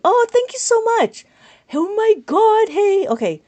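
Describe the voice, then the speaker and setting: Loud, high-voiced enthusiastic woman teacher. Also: very animated, unhurried. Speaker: abacus teacher. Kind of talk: live-streamed lesson reading viewer comments.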